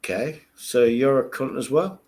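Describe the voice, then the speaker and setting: A man's voice: medium pitch, lively intonation, moderate pace, darkish tone, breathy edge. A man teasing friends in casual banter, stammering as he starts his sentences.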